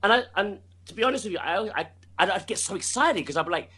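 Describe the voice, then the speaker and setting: Bright-voiced man chatting animatedly. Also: sits high, quick pace, slightly rough. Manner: animated, many restarts and laughs. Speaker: singer being interviewed. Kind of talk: casual interview chat.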